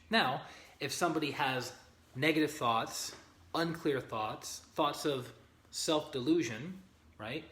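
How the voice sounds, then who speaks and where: A man's voice: mid-range voice, fairly bright tone. A man giving a live-streamed spiritual teaching, earnest and often checking in with his listeners. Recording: roomy echo.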